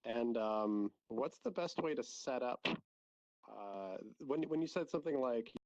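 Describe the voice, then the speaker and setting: A student asking a halting question in an online class. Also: mid-range voice, expressive, a little mellow, no room sound, highs cut off. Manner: hesitant, halting.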